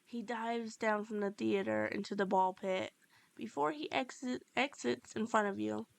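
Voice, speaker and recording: A woman with a fairly high voice and some vocal fry reads a second-person fan-fiction story a little slowly. She reads steadily, with small slips and restarts.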